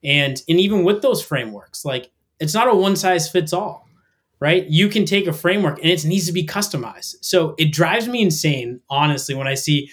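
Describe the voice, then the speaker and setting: A middle-aged man talking as a podcast guest, energetic and emphatic, with a motivational push in his talk. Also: on the high side, normal speed. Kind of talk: casual podcast conversation.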